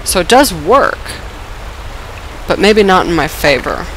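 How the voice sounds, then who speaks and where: Sick woman gamer with a lively, swooping voice. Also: fairly low pitch, measured pace, background noise. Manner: excitable, swears and laughs often, self-mocking. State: sick, voice lowered and rough with a dry cough. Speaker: let's play gamer. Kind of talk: casual gameplay commentary.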